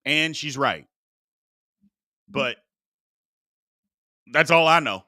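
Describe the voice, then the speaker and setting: Hosting a sports talk show, a man with a somewhat high, sharp voice speaks very slowly in a clean studio recording with no room sound. He argues heatedly with his chat, preaches combatively about respect, and exclaims "Lord have mercy."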